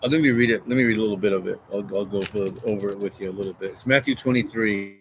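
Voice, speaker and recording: A man's voice: on the low side, steady tone, rapid-fire, a little hiss or hum, poor audio. A man casually talking through a Bible passage and reading it aloud, rambling and repeating phrases. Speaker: street preacher.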